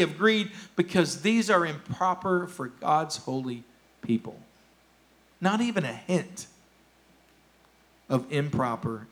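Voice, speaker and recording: A man's voice: high voice, bright, forceful tone. A man preaching a sermon as pastor, emphatic and repeating his key phrases. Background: worship music.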